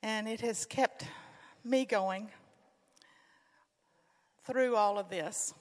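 A woman's voice: fairly high pitch, big-room sound. A woman singing a hymn in church after a short, heartfelt spoken introduction. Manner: heartfelt, slow. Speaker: church singer. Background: instrumental accompaniment.

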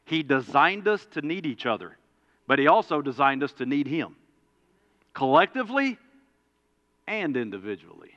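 A man, a preacher and coach, telling a story in a folksy sermon that swings from loud to quiet. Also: a little high, animated, normal speed, muffled recording.

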